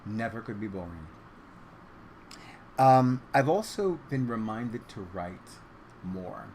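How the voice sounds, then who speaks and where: A man's voice: slow, a little hiss or hum. A man talking casually to his viewers about what has been on his mind lately. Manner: switches to a high animated baby-talk voice when addressing his cat. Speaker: vlogger. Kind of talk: casual vlog talk to camera.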